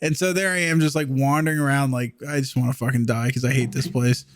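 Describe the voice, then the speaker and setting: A man's voice: mid-range voice, little pitch movement, quick pace, no echo, clean studio sound. A man in his thirties co-hosting a podcast, telling a story in a laid-back way, swearing often and laughing as he goes. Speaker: podcast co-host. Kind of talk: casual chat, storytelling.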